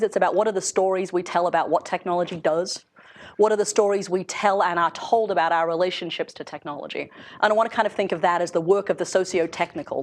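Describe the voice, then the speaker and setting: A middle-aged woman with a somewhat low voice gives a seminar talk to a room full of people. She speaks in a loose, conversational way and often laughs softly between her points. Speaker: seminar speaker, researcher in industry. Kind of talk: lecture to an audience. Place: lecture room with an audience.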